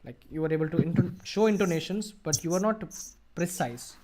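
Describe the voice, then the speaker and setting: A man's voice: on the high side, expressive, fairly quick, darkish tone. Indian man teaching an online class. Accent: Indian English. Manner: explanatory, asks the class questions. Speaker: IELTS tutor.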